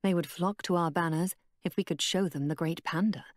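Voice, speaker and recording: Woman reading a hard, grieving middle-aged woman warrior; low, clipped, grim. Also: brisk, dry recording, clean studio sound, close to an everyday voice. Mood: frowning.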